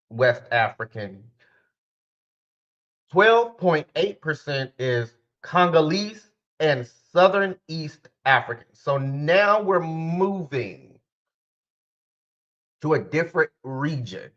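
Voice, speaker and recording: A man's voice: a little high, lively intonation, slow pace, long pauses, a bit bright, muffled recording. A man hosting his own podcast in a casual, rambling way, talking straight to his listeners and often correcting himself. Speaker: podcast host and spiritual life coach. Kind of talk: casual solo podcast talk.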